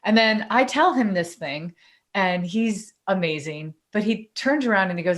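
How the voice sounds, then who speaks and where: A woman co-hosting a podcast, telling a personal story in a chatty, animated way. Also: medium pitch, normal speed. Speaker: podcast co-host and coach. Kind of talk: casual storytelling in conversation.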